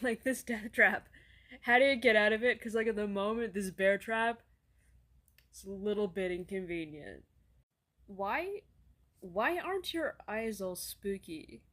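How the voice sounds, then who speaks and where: A woman performs a comedy sketch, voicing several characters in sarcastic, deadpan back-and-forth laced with casual swearing. Her voice is mid-range and she keeps a measured pace.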